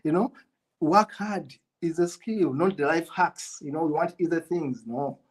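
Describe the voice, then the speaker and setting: A man's voice: fairly high pitch, a little slow, low-quality recording. A middle-aged man, a business coach, giving a motivational masterclass and repeating his key points for emphasis. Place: United Kingdom.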